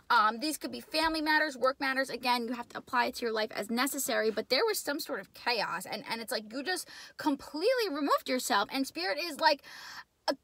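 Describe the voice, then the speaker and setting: A woman's voice: high-pitched, sharp tone, dry recording. A woman giving a casual tarot reading in a rambling, emotional way, swearing freely and stumbling through fillers. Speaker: tarot reader.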